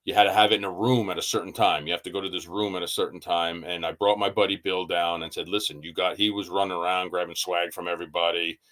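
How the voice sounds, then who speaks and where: A man's voice: deep voice, steady tone, fast, hardly any pauses, a bit bright. A man telling stories in casual podcast chat, swearing freely and acting out what people said. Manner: swears freely, tells stories with quoted asides. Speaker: knife maker guest.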